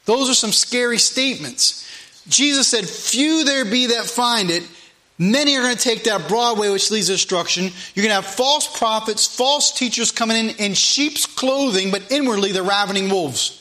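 A preacher's voice, a man pitched high and sounding bright and forceful. He reads King James verses slowly and with heavy emphasis, then breaks them down for his congregation. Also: animated. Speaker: pastor. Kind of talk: sermon with scripture reading.

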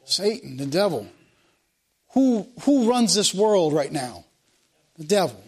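A man's voice: sits high, very animated, slow pace, slightly rough. A man preaching a sermon, asking the congregation questions and reading scripture aloud. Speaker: pastor.

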